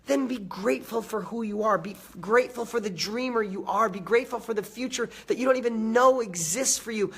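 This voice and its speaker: A man with a slightly hoarse, raspy voice from a cold, giving an emphatic live motivational talk, stacking repeated phrases and greeting viewers by name. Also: very high-pitched, a bit bright. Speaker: motivational host.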